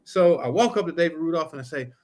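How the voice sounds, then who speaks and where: A man co-hosting a casual podcast, a trial lawyer sharing stories from court. His voice sits a little high for a man, and he acts out witnesses and judges as he goes, with lively swings in pitch. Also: quick pace. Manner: animated, acts out courtroom exchanges. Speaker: podcast co-host. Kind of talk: casual storytelling chat.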